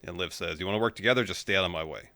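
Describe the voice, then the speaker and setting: A man with a low but bright, forceful voice recaps wrestling matches on a casual podcast. He moves through the action in steady play-by-play, recorded dry and close. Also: racing, gravelly, no echo. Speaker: podcast co-host.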